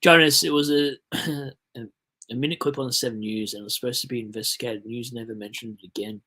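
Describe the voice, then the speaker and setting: A fast-talking young Australian livestream host, his medium-pitched voice steady, bright and forceful. He chats loosely, rambles, and reads messages from his viewers.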